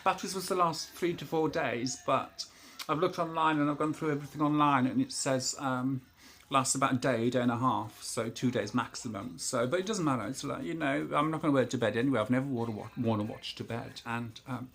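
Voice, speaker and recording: A man's voice: mid-range voice, a little fast, fairly bright tone. A man in his fifties, a vlogger rambling through a casual show-and-tell of a new gadget, hesitant and full of restarts.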